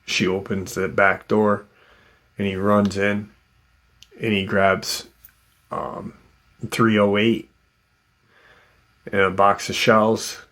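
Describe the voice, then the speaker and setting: A man's voice: on the low side, level tone, slow, long pauses, a bit bright. A man casually retelling someone's encounter as a story, rambling with lots of fillers and restarts. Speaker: host retelling a witness's encounter.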